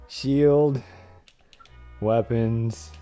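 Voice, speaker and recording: A man streaming a retro game, casually retelling a TV episode with lots of swearing and frequent laughter. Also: mid-range voice. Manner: profane, laughs often, animated storytelling.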